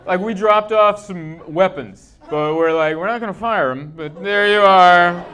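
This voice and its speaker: A man in his thirties performing a stand-up comedy set, telling stories deadpan and acting out the quotes with sudden loud bursts. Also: sits high, a little slow. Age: 30s. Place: comedy club stage. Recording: live club recording with audible background noise.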